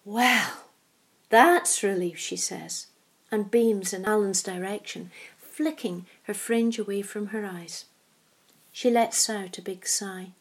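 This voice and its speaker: A woman narrating a story in a soft, hushed reading voice. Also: mid-range voice, fairly even intonation, slow pace.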